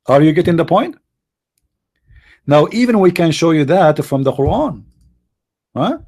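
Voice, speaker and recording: A man talks through a live debate stream in a sarcastic, mocking tone. His voice is dark and mellow, a little hoarse, with the occasional cough. His English phrasing is slightly non-native. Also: on the high side, sing-song, a little slow. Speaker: debate show host.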